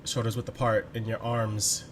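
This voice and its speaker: A man's voice: lowish voice, monotone, normal speed, background noise. A man running a tabletop game as game master, describing scenes with jokey asides.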